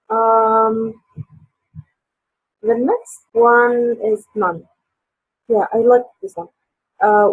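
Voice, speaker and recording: A woman's voice: a little high, breathy edge, dry recording. A woman teaching a live online English class, hesitant and full of fillers, over dull lo-fi call audio. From Tunisia.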